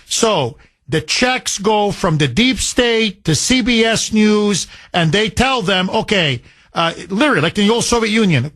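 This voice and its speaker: A man's voice: high voice, lively intonation, measured pace, fairly bright tone, dry recording. A man hosting a call-in talk radio show, speaking in an emphatic, combative style and hammering his points through repetition.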